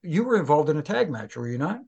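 Guy cohosting, a bit higher voice, laid back stories, laughs easy. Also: quick pace, breathy edge, highs cut off. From Toronto, Canada. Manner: relaxed anecdotes, laughs easily, polite. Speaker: retired referee, podcast co-host. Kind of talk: casual chat.

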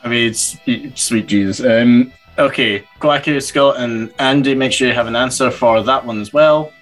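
Relaxed man hosting a game. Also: mid-range voice, normal speed, faint music behind, poor audio. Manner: relaxed, laughing explanations. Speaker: game host.

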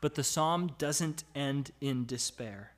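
A pastor with a medium-pitched voice preaches a sermon slowly and conversationally. He reads scripture aloud, puts questions to his listeners, and rises to emphatic cries.

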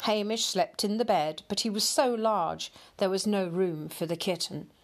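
A woman reading a picture storybook aloud in a slow, expressive storyteller manner. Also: mid-range voice.

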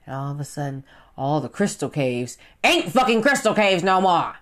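A woman in her thirties ranting casually and profanely, swinging from loud outbursts to muttered asides. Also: sits low, big pitch swings, moderate pace. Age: 30s. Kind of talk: casual rant to camera.

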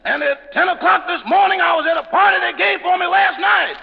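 A man with a gravelly voice, talking loudly in a 1940s radio comedy as a valet. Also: very high-pitched, fairly quick. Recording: noisy lo-fi old radio recording.

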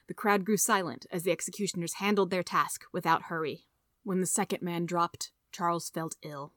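A woman reading a story aloud in a steady, measured narration. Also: on the low side, no room sound, clean studio sound. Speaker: audiobook reader.

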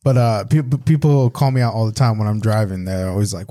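Mellow-voiced New York podcast host. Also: male voice, fairly low pitch, brisk, few pauses. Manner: animated, storytelling, quotes people mockingly. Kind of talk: casual chat.

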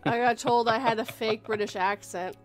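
A woman hosting a relaxed livestream chat, animated and laughing often. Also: on the high side, normal speed, soft background music. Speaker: host. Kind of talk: casual chat.

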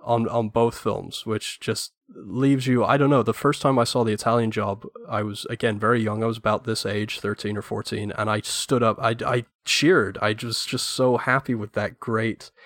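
Low-voiced talkative man, dry sound. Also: fairly even intonation, moderate pace, few pauses, a bit bright, dry recording. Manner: enthusiastic, talkative, opinionated. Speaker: podcast guest. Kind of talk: casual film podcast chat.

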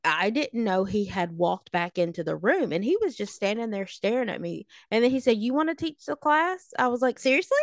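A woman in her late thirties, a podcast co-host telling high school stories in a snarky, animated way. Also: a little fast, hardly any pauses, no room sound, clean studio sound. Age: late 30s. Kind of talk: casual storytelling chat.

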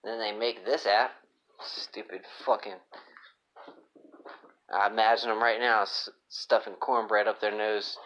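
A man's voice: on the low side, fairly even intonation, measured pace, pauses often, a bit bright. A man doing a crude, rambling comedic podcast monologue, swearing constantly and sounding moody. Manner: profane, moody, rambling rants. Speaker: podcast host. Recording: dull lo-fi phone app recording.

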